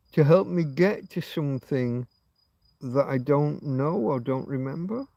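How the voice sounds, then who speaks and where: A man's voice: on the high side, animated, a little slow, gravelly, warm tone, dry recording. Rambling sweary man on a late-night stream. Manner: musing, sweary, self-talking. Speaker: livestream host. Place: outdoors at night near a road.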